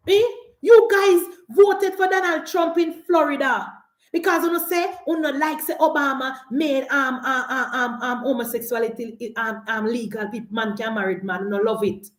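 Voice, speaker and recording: A Jamaican woman with a slightly high voice gives an animated, scolding political rant. She mocks the people she is talking to and draws out her points. Her voice rings in an echoey room. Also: moderate pace. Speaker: political commentator.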